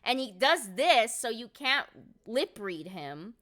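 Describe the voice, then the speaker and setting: A young woman streaming from home, telling a story in casual chat, excitable and swearing a lot with many fillers of "like". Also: a little high, slow, slight background noise. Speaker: live streamer. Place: at home by a window.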